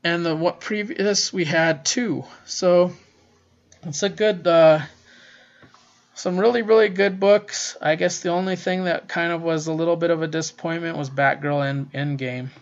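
A man's voice: on the high side, steady tone, unhurried. A man hosting a casual solo podcast, gushing and swearing freely as he reviews comics, recorded on a laptop's built-in mic. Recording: roomy, distant, dull laptop-mic recording.

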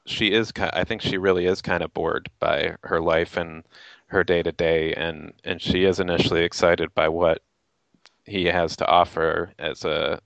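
A man discussing a film in casual chat, speaking in a measured, thoughtful way. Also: sits low, flat delivery, vocal fry, fairly bright tone, no echo. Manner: measured, thoughtful, many backchannels. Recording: dull lo-fi sound.

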